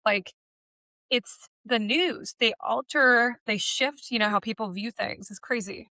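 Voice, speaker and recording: Bright chatty woman guest on a podcast, tells stories, dry studio mic. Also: fairly high pitch, measured pace, dry recording. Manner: chatty, storytelling, quotes people in voices. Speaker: podcast guest, automotive media personality. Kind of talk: casual podcast conversation.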